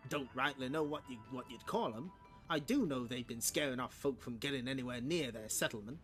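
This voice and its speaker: A man voicing an easygoing middle-aged frontier sheriff in a comic read-aloud, with a slow folksy drawl. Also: mid-range voice, a bit bright, faint music behind, pitched below the performer's own voice, close to an everyday voice.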